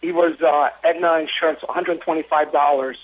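A man who works as an emergency physician, telling stories in an interview with earnest, quick talk and frequent restarts. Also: fairly high pitch, fairly even intonation, low-quality recording. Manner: fast, earnest storytelling with many restarts. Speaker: emergency physician running an urgent care. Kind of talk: interview conversation.

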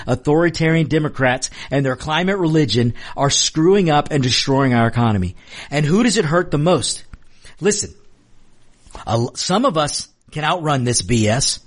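A man hosting a political commentary show, delivering an emphatic opinion monologue, passionate and repeating lines for stress. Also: mid-range voice. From Mexican American.

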